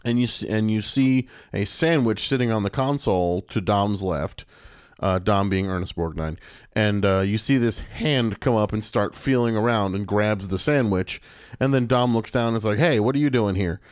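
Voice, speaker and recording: A man's voice: on the low side, moderate pace, smooth, dry recording, clean studio sound. A man co-hosting a podcast, recapping a TV episode in casual chat, laughing often and acting out lines. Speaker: podcast co-host.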